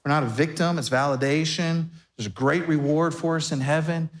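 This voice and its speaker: A man's voice: on the high side, steady tone, brisk. A man, the pastor, preaching a sermon to his congregation in a conversational way, slipping into everyday back-and-forth dialogue to make his points. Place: church sanctuary before a congregation.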